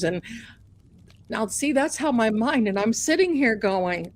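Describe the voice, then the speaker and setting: Slow, folksy woman telling a story. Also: a little high, lively intonation. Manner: chatty, folksy, self-mocking storytelling. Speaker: livestream host. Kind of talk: folksy anecdote on a live stream.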